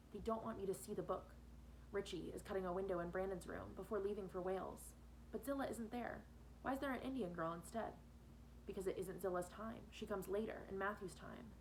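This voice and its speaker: A woman's voice: medium pitch, a little hiss or hum, poor audio. A woman teacher reading a novel aloud to her students, changing her voice for each character.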